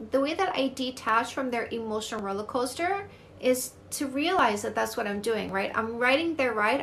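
A woman's voice: sits high, fairly bright tone, a little hiss or hum. A woman from Canada, a dating coach, answering viewer comments on a live stream in a blunt, upbeat way and swearing casually.

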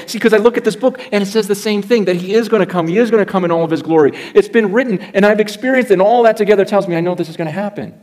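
A middle-aged man preaching a sermon as pastor, telling a story in an animated way and swinging between loud bursts and hushed asides. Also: high-pitched, rapid-fire, few pauses.

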